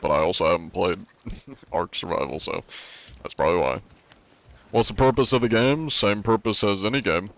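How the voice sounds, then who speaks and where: A man's voice: fairly low pitch, moderate pace, long pauses, fairly bright tone. A young American man streaming live, chatting casually with viewers in a laid-back, rambling way. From United States. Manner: laid-back, rambling, lots of likes and ums.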